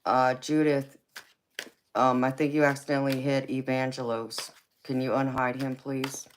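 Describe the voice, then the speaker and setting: A woman hosting a tarot live stream with a raspy voice. She answers viewers in a casual, forthright way and calls them baby and honey. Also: extremely low pitch, flat delivery, measured pace. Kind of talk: casual live-stream chat reading comments. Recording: clear background noise.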